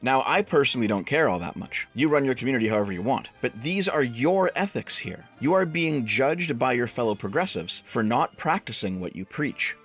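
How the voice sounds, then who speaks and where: A man's voice: medium pitch, expressive, brisk, hardly any pauses, fairly bright tone, soft background music. A young man narrating an online drama commentary in a blunt, sarcastic, exasperated way.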